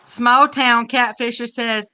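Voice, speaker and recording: A woman's voice: a little high, steady tone, takes it slowly, pushed and bright, clean tone, poor audio. A woman reading viewer comments aloud during a live stream, in a friendly casual way.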